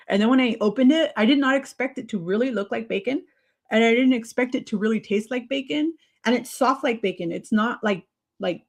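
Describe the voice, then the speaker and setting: A woman hosting a casual livestream, chatty and excitable, laughing often as she answers viewer comments. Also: medium pitch. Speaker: livestream host.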